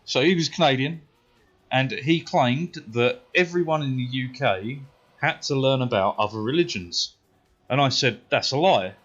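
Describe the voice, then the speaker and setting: Brief: British male streamer, mid-pitched voice, animated and profane, dull home-stream audio. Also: normal speed. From United Kingdom. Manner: heavy swearing, animated retelling. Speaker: game streamer. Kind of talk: casual storytelling while gaming.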